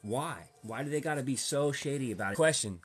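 A man's voice: mid-range voice, animated, a little fast, slightly rough. A young man ranting casually to his viewers, full of slang and rhetorical questions. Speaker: vlogger.

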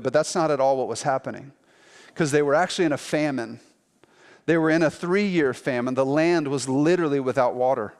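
A man preaching as a pastor, telling a scripture story in a lively, conversational way and acting out the quotes. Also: a little high, big-room sound. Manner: animated storytelling, acts out quotes in playful voices. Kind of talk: sermon.

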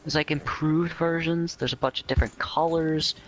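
A young man chatting casually while playing a video game, excitable and full of fillers. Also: on the high side, normal speed, noisy background. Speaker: gamer. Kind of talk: casual let's-play chat.

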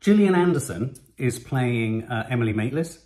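Lively chatty man. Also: mid-range voice, moderate pace. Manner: chatty, musing, lively delivery. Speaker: co-host of film reaction channel. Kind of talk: casual chat.

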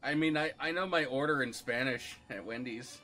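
A man's voice: mid-range voice, normal speed, bright, forceful tone. A man streaming a video game, chatting casually and laughing easily as he plays. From United States. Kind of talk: casual gameplay commentary. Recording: music playing behind.

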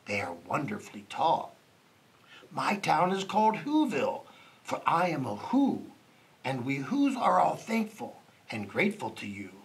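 A man doing a tiny, soft-spoken town mayor. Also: a little high, creaky, heavily acted.

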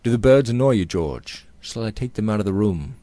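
A man reading aloud, voicing a young gentleman who speaks quietly and soothingly to a distressed friend. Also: fairly low pitch, expressive, fairly quick, no room sound, lightly acted. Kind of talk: audiobook character reading.

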